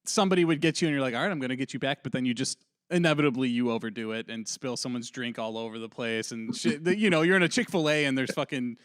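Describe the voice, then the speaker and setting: A man hosting a casual podcast chat, laid-back and quick to laugh. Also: mid-range voice, expressive, no room sound, studio quality. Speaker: podcast host.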